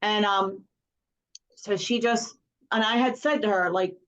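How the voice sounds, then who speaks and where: A woman's voice: mid-range voice, unhurried, long pauses, fairly bright tone. A middle-aged woman telling a story in casual chat on a video call, rambling, with many fillers and restarts. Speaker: songwriting circle member. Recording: slightly dull video call audio.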